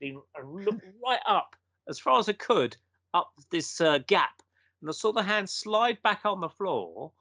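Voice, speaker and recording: A man's voice: high-pitched, sing-song, a little slow, pushed and bright, no echo. A man, a guest telling a story in a casual conversation and acting out the quotes.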